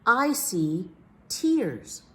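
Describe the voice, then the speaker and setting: A woman voicing a small, eager male detective in a children's storybook reading, with excited, high-pitched exclamations. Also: extremely slow, exaggerated voice.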